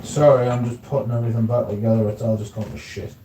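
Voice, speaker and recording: A man's voice: medium pitch, steady tone, quick pace, noisy background. A man hosting a casual livestream, chatting loosely and muttering and swearing to himself as he goes. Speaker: livestream host. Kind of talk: casual livestream chat, reading out viewer comments.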